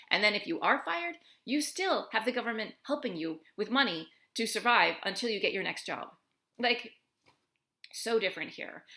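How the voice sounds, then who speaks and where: A young woman from the United States speaks earnestly and emotionally to her camera, peppering her talk with "like". Her voice is bright and forward. The room around her rings with a noticeable echo. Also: medium pitch. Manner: earnest, emotional, heavy use of "like". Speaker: expat vlogger. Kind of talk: personal monologue to camera.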